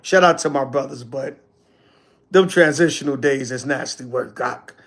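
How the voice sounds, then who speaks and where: A man speaking as an elder teaches casually to a livestream audience, reading and answering chat comments with slangy, sarcastic asides. His voice is medium-pitched and a bit bright, at normal speed.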